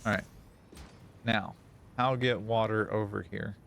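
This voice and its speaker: A man streaming a game live, chatting casually in an excitable, self-mocking and sarcastic way. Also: on the low side, measured pace, vocal fry, slight background noise. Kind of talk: live gameplay stream chat.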